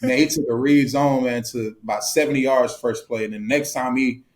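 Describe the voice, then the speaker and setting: A young man talking quickly in a relaxed interview. He tells stories in a loose, easygoing way, full of fillers and small laughs, at a middle pitch. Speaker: football player guest. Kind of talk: casual interview talk.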